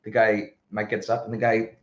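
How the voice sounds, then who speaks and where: A podcast co-host with a slightly low voice tells a story in casual conversation, stumbling, starting over and cursing as he gets worked up. His delivery is completely flat at a moderate pace, and the audio sounds roomy and dull, like a lo-fi home recording.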